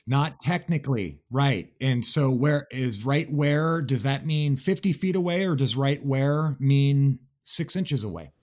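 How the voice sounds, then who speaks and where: A man's voice: mid-range voice, a little slow, few pauses, a little mellow. Man probing a point on a podcast. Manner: probing, reasoning aloud. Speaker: podcast co-host. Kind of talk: casual podcast discussion.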